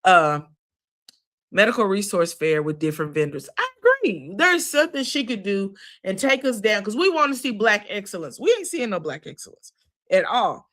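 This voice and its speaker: Bright-voiced sassy woman recapping. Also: mid-range voice, sing-song, normal speed. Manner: sassy, chatty, lots of asides and laughs. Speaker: reality TV recap host. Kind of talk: casual recap commentary.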